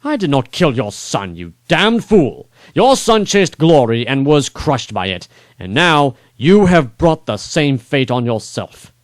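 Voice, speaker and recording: A man's voice: mid-range voice, sing-song, moderate pace, a little mellow, no room sound, voice pushed up, lightly acted. A man voicing a commanding, sardonic medieval king who barks orders with cold scorn. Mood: scornful.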